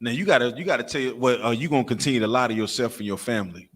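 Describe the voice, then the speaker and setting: This man talks at a racing clip in a medium pitch, delivering a fiery street-style sermon as preacher of a religious camp. He swears freely, fires off rhetorical questions and call-and-response, and animatedly mimics crying and barking for laughs.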